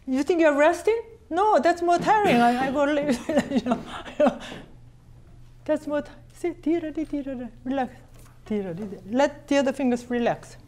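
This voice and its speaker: A woman teaching a cello master class, coaching a student directly in halting phrasing and singing passages on syllables to show them. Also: sits high, darkish tone. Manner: sings phrases on syllables to demonstrate.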